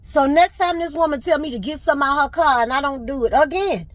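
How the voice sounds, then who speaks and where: A woman's voice: high voice, fast talker, dry recording. A middle-aged woman, venting to camera with emotion and fighting back tears. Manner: tearful, fighting back crying. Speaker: vlogger.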